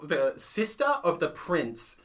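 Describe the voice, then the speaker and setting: A man co-hosting a casual theatre chat, animated and quick to laugh and act out quotes. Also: a little high. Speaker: podcast co-host; playwright.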